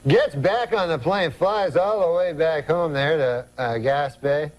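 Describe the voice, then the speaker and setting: A man telling a rambling anecdote as a talk show guest, deadpan and halting. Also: on the high side, noisy background. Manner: deadpan, halting, full of "you know?".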